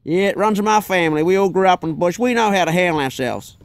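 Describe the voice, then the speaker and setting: A man's voice: high voice, expressive, fast, no echo, pitched above the performer's own voice. A man voicing a boastful, swaggering hunter with a put-on drawl. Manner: drawling, bragging, tall-tale telling.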